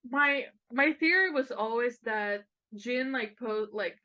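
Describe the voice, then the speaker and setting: A woman co-hosting a fan podcast in casual chat, emotional and quick to swear and laugh. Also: a little high, bright, forceful tone. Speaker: podcast co-host.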